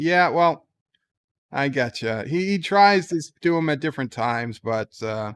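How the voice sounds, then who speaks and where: Man, livestream host, reads chat aloud, wry asides, many fillers, resonant voice, fairly high. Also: lively intonation, a little slow, clean tone. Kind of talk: casual livestream chat reading.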